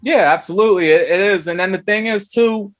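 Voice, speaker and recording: A man co-hosts a podcast in loose casual chat. His voice sits a little high, and he rambles, restarts and swears freely. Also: brisk, a bit bright. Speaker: podcast co-host. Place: DC area.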